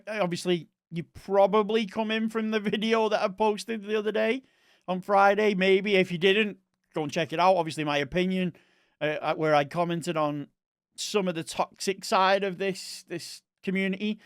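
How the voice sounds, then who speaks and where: Young East Scottish male streamer, rambling casual chat, smooth resonant voice. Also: sits high, dry recording, studio quality. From Scotland. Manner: chatty and rambling, talks to chat viewers.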